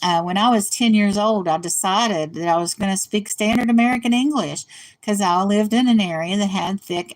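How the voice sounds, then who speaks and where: An older woman from West Virginia with a slight accent, rambling through casual stories as a show host. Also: fairly low pitch. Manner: rambling storyteller, laughs at own stories. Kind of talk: casual monologue. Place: in a car.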